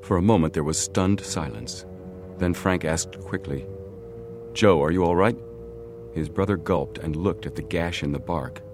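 A man narrating a boys' adventure book in a measured, steady reading. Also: sits low, over music. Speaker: audiobook narrator. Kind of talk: scripted narration.

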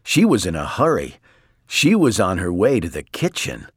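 A man reading a children's story aloud in a slow, expressive way. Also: low voice, slightly rough, dry recording, studio quality.

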